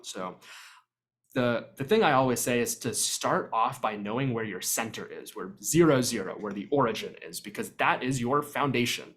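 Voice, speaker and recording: Man, workshop presenter on a video call; relaxed explanatory delivery, filler-heavy. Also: medium pitch. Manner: explanatory, conversational with frequent ums. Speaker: vocal percussion workshop presenter. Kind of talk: virtual workshop lecture.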